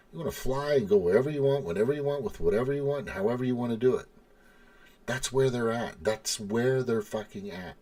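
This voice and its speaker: A man with a fairly low voice delivering a furious, profanity-laced rant. He stumbles and repeats words as he pushes his point, with a heated edge throughout. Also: darkish tone. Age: adult with children. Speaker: podcast host. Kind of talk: angry ranting monologue.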